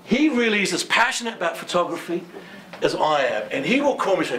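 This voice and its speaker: A man's voice: sits high, big pitch swings, quick pace, fairly bright tone, reverberant, slight background noise. Enthusiastic British man opening a gallery show. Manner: enthusiastic, chatty, laughs often. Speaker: magazine publisher introducing an exhibition. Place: museum gallery indoors.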